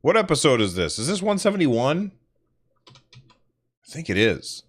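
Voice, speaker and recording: A man's voice: fairly high pitch, very animated, unhurried. A man from the northern United States hosting a casual solo podcast livestream, telling rambling, self-deprecating stories. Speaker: podcast host.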